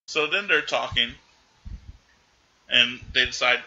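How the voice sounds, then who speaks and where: A man's voice: mid-range voice, moderate pace, bright, forceful tone, highs cut off. A man hosting a podcast, casually recapping a film and rambling through quoted lines. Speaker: podcast host.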